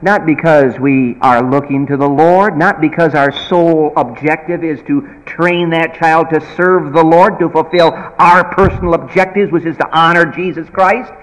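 A man preaching a sermon in an emphatic, folksy manner, swinging from loud bursts to quiet asides. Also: a little high, normal speed, hardly any pauses. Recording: reverberant hall.

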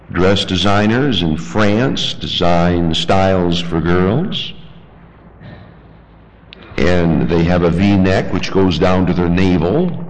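A man preaching a sermon with emphatic delivery, climbing into high-pitched outbursts. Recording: long hall reverb.

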